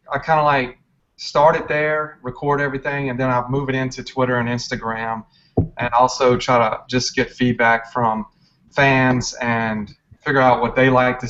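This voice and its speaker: A relaxed man guest talks casually, wandering a bit as he goes. His voice is mid-pitched, and it comes through as dull, lo-fi stream audio. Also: slight background noise. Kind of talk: casual chat.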